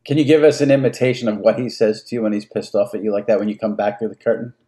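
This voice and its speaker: A man's voice: fairly low pitch, fairly even intonation, rapid-fire, warm tone. A man hosting a podcast, enthusiastically asking a guest several questions at once. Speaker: podcast host. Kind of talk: casual interview chat.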